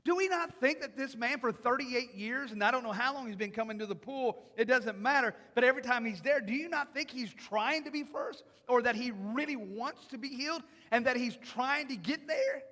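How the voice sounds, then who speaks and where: A man preaching in a church with a very high, bright, forceful voice that rings out in a hall with a long reverb. He breaks into imagined voices and builds to loud, emphatic passages. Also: moderate pace, hardly any pauses. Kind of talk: sermon. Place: church sanctuary.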